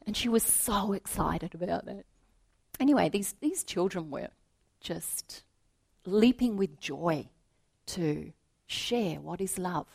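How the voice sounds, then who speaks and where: A woman giving a reflective spiritual talk, telling a story to make her point in a gentle voice that often drops to a soft hush. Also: lowish voice, animated, slow pace, gravelly, long pauses, breathy edge, no echo. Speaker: spiritual teacher.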